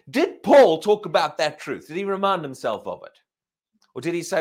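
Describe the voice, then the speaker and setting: A man's voice: high voice, lively intonation. Preacher man with questioning, emphatic delivery. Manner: emphatic preaching with rhetorical questions and frequent restarts; slows and stretches key phrases for emphasis. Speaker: pastor. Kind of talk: sermon.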